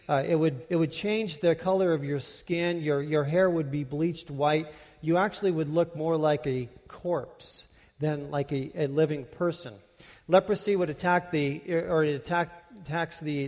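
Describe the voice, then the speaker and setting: A man's voice: fairly high pitch, darkish tone, in a large hall. A man preaching a sermon, teaching in a conversational way with frequent restarts and repeated words. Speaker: pastor.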